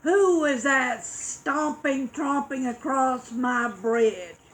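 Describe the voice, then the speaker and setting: A woman voicing a mean, hungry male troll in a storybook reading, with slow, loud, growling shouts. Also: high voice. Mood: grumbling shout.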